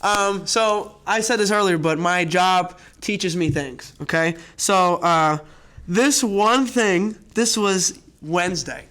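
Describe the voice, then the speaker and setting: A man's voice: high-pitched, slow, smooth. A young man hosting a podcast, chatting casually and telling rambling stories. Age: young adult. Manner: rambling storyteller, animated retellings. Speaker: podcast host. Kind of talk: casual chat.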